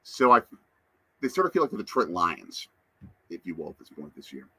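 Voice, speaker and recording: A man's voice: deep voice, huge pitch swings, brisk, sharp tone, slightly rough, dry recording. A man hosting a casual live stream, chatting to viewers and reading out their comments. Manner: chatty, answers chat comments. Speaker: livestream host.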